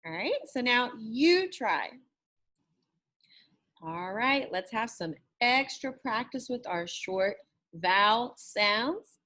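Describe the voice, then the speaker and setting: A woman's voice: fairly high pitch, lively intonation, pushed and bright. A woman teacher giving a recorded lesson, encouraging, who repeats words and stretches sounds to model them. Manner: slow, encouraging, drawn-out praise.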